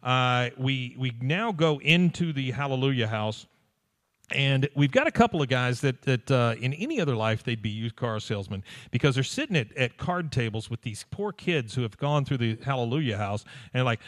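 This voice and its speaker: A man co-hosting a live podcast, casually retelling a cartoon episode and acting out the characters' lines in put-on voices. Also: moderate pace. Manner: animated storyteller, jumps into high put-on voices for quotes. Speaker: podcast co-host recapping an episode.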